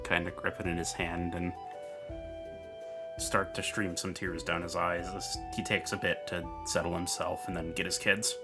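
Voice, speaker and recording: A man's voice: sits low, level tone, moderate pace. A man playing a tabletop game, describing his character's actions in a hesitant way. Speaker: player. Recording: music playing in background.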